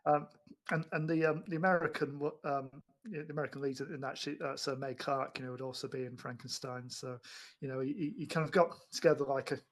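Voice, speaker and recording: A man's voice: medium pitch, steady tone, quick pace. Man, casual film podcast co-host, rambly delivery. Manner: rambling, many restarts and fillers.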